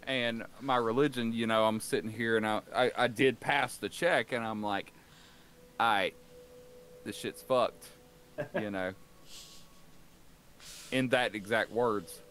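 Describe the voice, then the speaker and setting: A man's voice: mid-range voice, fairly even intonation, moderate pace, few pauses, fairly bright tone, slight background noise. A man playing a tabletop game, talking loosely and jokingly, with some swearing. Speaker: player. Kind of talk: casual chat at a tabletop game.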